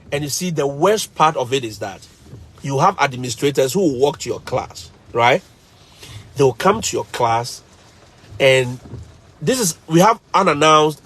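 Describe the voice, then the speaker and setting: Animated Ghanaian man telling stories. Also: on the high side. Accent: Ghanaian English. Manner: animated, emphatic, repeats phrases for effect. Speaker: teacher. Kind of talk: casual storytelling to live viewers.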